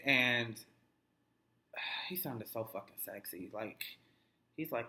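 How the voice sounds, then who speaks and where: A man's voice: medium pitch, measured pace, sharp tone. A young adult man casually recapping a TV episode, swearing constantly and acting out the characters' lines. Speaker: TV recap vlogger. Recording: echoey room.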